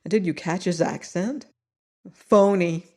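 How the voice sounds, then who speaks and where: A woman's voice: on the low side, unhurried, dark tone. A woman doing a brash wisecracking TV man. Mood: mocking.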